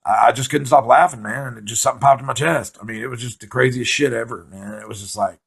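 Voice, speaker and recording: A man doing profane, rambling comic storytelling, excitably acting out his own panic. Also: mid-range voice, fast, creaky, slightly rough. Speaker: stand-up comedian.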